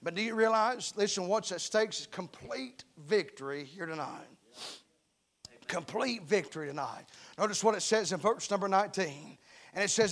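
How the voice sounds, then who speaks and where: High-voiced fervent male preacher. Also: animated, normal speed, fairly bright tone. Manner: fervent, repeatedly calls for amens; plain-spoken, calls himself uneducated. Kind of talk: fervent revival sermon.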